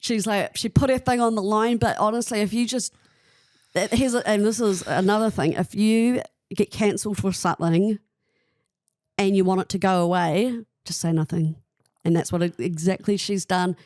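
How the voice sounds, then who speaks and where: A woman's voice: medium pitch, steady tone, normal speed, a little mellow, no echo, clean studio sound. A young woman, a podcast guest chatting casually and telling gossipy stories. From New Zealand.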